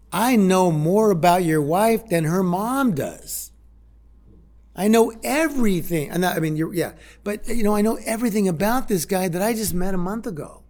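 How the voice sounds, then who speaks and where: Older man giving heartfelt slow testimony. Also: sits high, darkish tone. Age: 60s. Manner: heartfelt, halting, with repeated words. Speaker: speaker sharing his recovery story. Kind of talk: personal testimony talk.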